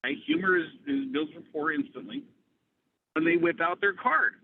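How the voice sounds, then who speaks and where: A man coaching on a group call, talking in an animated, conversational way. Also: high-pitched, moderate pace, vocal fry. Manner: animated, conversational, acts out dialogue. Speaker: business coach. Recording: tinny phone-like line, faint hiss.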